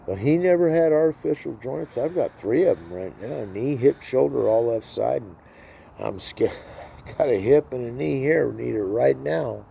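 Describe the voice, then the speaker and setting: A man's voice: mid-range voice, animated, unhurried, gravelly, warm tone, slight background noise. A man in his sixties talking bluntly and wearily in a rambling personal vlog, swearing freely. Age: 60s. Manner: blunt, profane, weary. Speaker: vlogger. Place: outdoors.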